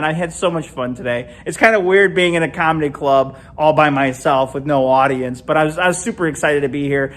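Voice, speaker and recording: Slight background noise accompanies a middle-aged Illinois man doing animated stand-up alone in an empty comedy club. His delivery is punchy, with big jumps in pitch.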